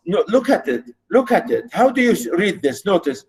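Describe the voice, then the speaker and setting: A male university lecturer teaching poetry meter online, halting and repeating himself as he counts out syllable stresses. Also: high voice, big pitch swings, a little mellow, poor audio.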